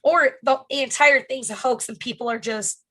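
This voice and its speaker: A woman's voice: high-pitched, fairly even intonation, normal speed, bright, forceful tone, slightly rough. A woman co-hosting a casual comedy podcast, chatty and loose, trailing off with fillers and the odd swear word. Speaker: podcast co-host.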